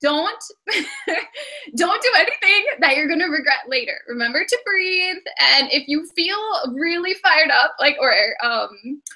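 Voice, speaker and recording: High, bright giggly woman reader. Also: lively intonation, moderate pace, few pauses. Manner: giggly, chatty, many fillers. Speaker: tarot and astrology reader. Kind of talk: casual spiritual reading.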